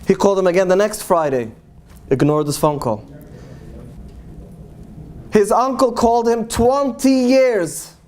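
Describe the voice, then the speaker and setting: A man, a rabbi, telling stories to an audience in English, animated and acting out the people he quotes. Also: sits high, measured pace, long pauses. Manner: animated storyteller, acts out quoted voices, Yiddish-laced English. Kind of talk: storytelling talk to an audience.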